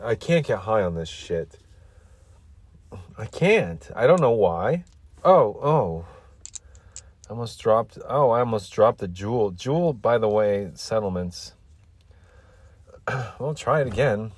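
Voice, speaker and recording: A man's voice: on the low side, lively intonation, slow pace, pauses often, darkish tone, slightly rough, no echo. A man rambling crudely and irritably through a solo podcast monologue while hiccuping. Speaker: podcast host.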